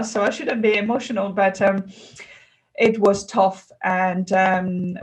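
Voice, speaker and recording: A middle-aged woman from France speaks English with a French accent in a fairly high voice. She talks earnestly and with feeling as an interview guest, often laughing between phrases. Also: slow pace, darkish tone, poor audio. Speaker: guest, customer experience consultant. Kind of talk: interview conversation.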